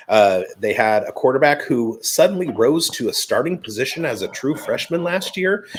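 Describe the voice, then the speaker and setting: A man in easy podcast conversation, mid-pitched and lively. He tells stories with energy, acting out his own side of the conversations he recounts. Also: slight background noise, rough recording. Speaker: fantasy football analyst. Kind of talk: casual podcast chat.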